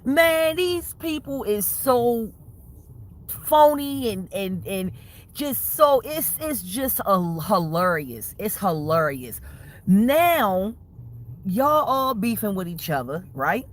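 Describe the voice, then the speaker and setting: Slow, laughing livestreamer ranting casually. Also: medium pitch, sing-song. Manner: rambling, laughing often, slangy and profane. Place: waiting for a food order.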